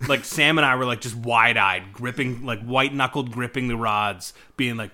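A man co-hosting a casual podcast, telling animated stories with lots of swearing and mock-angry outbursts. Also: medium pitch, moderate pace. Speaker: podcast co-host. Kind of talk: casual chat.

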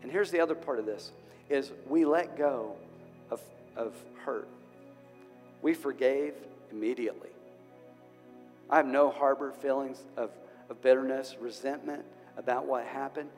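A middle-aged man preaching a sermon as pastor, earnest and emotional, swinging from loud to soft and restarting his phrases. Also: medium pitch, measured pace. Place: church hall. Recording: church hall with long reverb and music.

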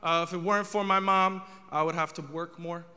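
A man's voice: fairly high pitch, fairly even intonation, fairly quick, bright, forceful tone, in a large hall. A young man doing a stand-up comedy set, telling a story with rising exasperation.

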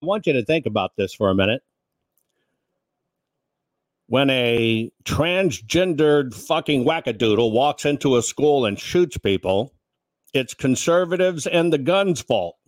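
A man's voice: medium pitch, lively intonation, unhurried, dry recording, studio quality. A man giving angry political commentary, sarcastic and full of swearing. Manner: sarcastic, profane.

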